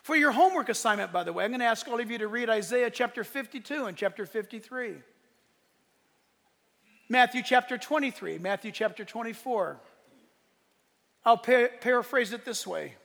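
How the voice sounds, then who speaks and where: A man's voice: very high-pitched, moderate pace, vocal fry, pauses often, a bit bright. A man preaching a sermon as pastor, impassioned, swelling and dropping in force. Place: church sanctuary. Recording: long reverb of a large hall.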